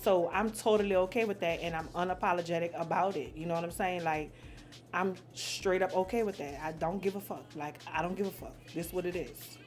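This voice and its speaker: A woman's voice: lowish voice, fairly even intonation, a little fast, soft background music. A woman in her forties from New Orleans, answering questions in a blunt, profane casual chat and laughing easily. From New Orleans, USA. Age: 40s.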